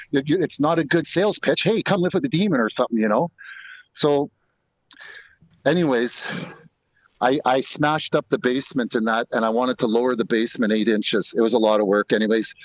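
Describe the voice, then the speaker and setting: A man's voice: medium pitch, no echo, rough recording. A middle-aged man telling a ghost story in a loose, rambling way, full of restarts and asides. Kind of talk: casual storytelling.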